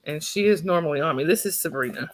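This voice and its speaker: A woman's voice: sits low, quick pace. A woman from North Georgia with a Southern drawl, chatting casually on a livestream from home and introducing her pets. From North Georgia, USA. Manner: chatty, laughs often, talks to her pets and child. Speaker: livestream host. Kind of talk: casual chat. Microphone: phone.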